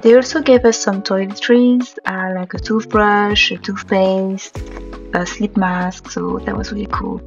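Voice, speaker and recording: A woman's voice: medium pitch, steady tone, unhurried, distant mic, lo-fi sound. A young woman giving a cheerful, easygoing commentary as a travel vlogger. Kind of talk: casual vlog voice-over. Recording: faint background music.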